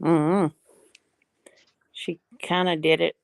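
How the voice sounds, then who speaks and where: Gravelly woman with dry asides. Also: low-pitched, level tone, takes it slowly. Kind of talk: casual chat.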